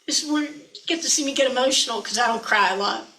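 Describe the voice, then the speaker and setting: Bright-voiced lady minister, folksy chatty sermon, likes to tease. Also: fairly high pitch, quick pace, low-quality recording.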